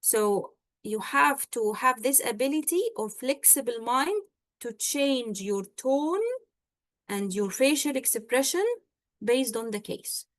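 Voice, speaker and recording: A woman tutoring medical exam candidates in an online session. She explains step by step, often checking in with "okay?" and "all right?" and pausing on fillers. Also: on the high side, no room sound.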